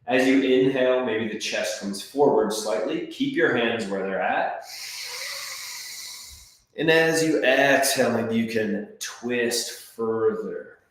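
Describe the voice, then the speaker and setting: A man coaching a breathwork class, calmly counting and giving gentle step-by-step cues. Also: medium pitch, slow. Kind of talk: guided breathwork class instruction. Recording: very echoey room.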